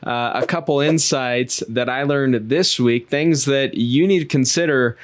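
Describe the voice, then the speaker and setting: A man's voice: medium pitch, measured pace. A man hosting a podcast, telling a travel story in a chatty, self-joking way. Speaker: podcast host. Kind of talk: casual podcast monologue.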